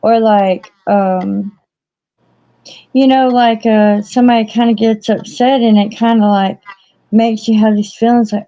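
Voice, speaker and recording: A chatty woman with a fairly high voice, talking casually and filling her sentences with fillers. The sound is muffled and lo-fi. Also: fairly even intonation, measured pace, warm tone. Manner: chatty, frequent fillers and laughs. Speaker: co-host. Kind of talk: casual chat. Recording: dull lo-fi audio.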